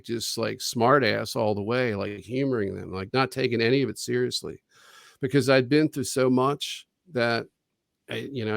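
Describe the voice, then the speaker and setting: A man tells his story over a video call, rambling and casual, full of restarts and bits of quoted talk. His voice sits at a middle pitch, and the sound is very dry. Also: creaky, no echo. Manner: rambling, profane, with frequent restarts and quoted dialogue. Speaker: interview guest.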